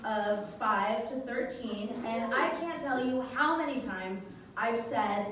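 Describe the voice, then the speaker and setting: High-voiced woman doing stand-up in an echoey hall. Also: a little slow, a little hiss or hum. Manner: animated storytelling, jumps into high voices for her kids. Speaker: stand-up comedian. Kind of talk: stand-up comedy set. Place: live comedy venue. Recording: echoey hall from far off with loud ambience.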